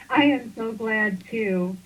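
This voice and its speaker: A woman's voice: a little high, very slow, slightly rough, phone-quality sound. A woman calling in to a radio show, eager and gushing. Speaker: caller. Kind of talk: call-in conversation.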